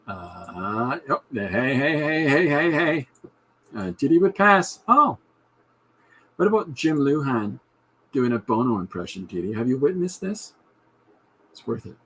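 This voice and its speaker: A man's voice: medium pitch, big pitch swings, moderate pace, a bit bright, husky. A man hosting his own podcast, chatting casually and jokily while he draws a comic. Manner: rambling, jokey asides. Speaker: podcast host and comic artist. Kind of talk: casual chat while drawing.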